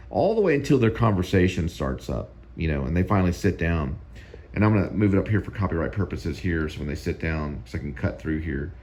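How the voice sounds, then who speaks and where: A man's voice: low voice, lively intonation, fairly quick, darkish tone. A male host giving casual, rambling film commentary that often repeats itself.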